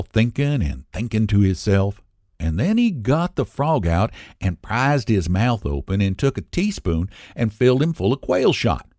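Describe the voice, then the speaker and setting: A male storyteller reads an old tale in a folksy rural dialect, his pitch rising and falling with lively animation. The recording is close and dry with no room sound. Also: no echo. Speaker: story reader. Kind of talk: reading a classic short story aloud.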